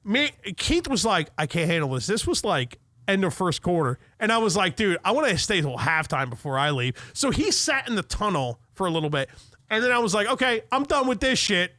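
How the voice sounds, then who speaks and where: A man co-hosting a podcast, telling a profane, animated story in casual chat. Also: sits high, fairly quick, no room sound. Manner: profane, animated retelling with quoted rants. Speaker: podcast co-host.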